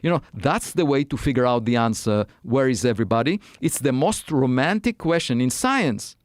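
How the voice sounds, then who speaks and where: A man's voice: medium pitch, lively intonation, normal speed, no room sound. Interview guest, male, reflective and hesitant, dry recording. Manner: thoughtful, many fillers and restarts. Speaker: guest scientist. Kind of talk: conversational interview.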